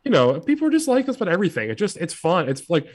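A man's voice: high voice, huge pitch swings, breathy edge, dry recording, studio quality. A man co-hosting a podcast, joking sarcastically in casual chat. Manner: sarcastic, fast-talking, joking. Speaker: podcast co-host.

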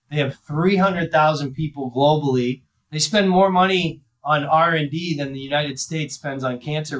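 Man, guest, blunt and intense, mid pitch, casual talk. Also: fairly bright tone, poor audio. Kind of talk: casual interview chat.

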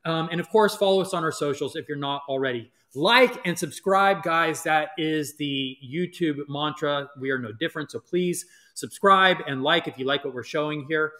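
A man's voice: a little high, normal speed, few pauses, bright, forceful tone. A man hosting a live podcast, chatty with frequent fillers. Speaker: podcast host.

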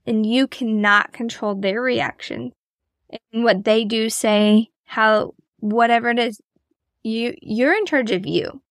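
A woman with a fairly high voice talks to her listeners in a casual, chatty monologue. She is encouraging and pokes fun at herself as she motivates them. The sound is dry and close. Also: steady tone, takes it slowly, no room sound. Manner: encouraging, chatty, self-deprecating. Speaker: podcast host.

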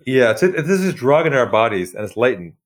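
Speaking a little fast, this man is a sales trainer guest on a podcast interview, acting out phone calls as he tells sales stories. His voice swings lively, sinking low and quiet for effect and leaping high whenever he plays an excited caller.

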